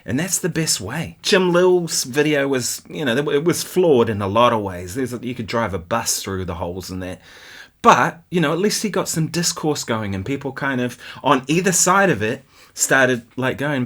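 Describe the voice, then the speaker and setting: A man's voice: medium pitch, animated, moderate pace, a bit bright. A man from New Zealand with a New Zealand accent, hosting a guitar channel and chatting casually about viewer comments, often laughing and asking "right?".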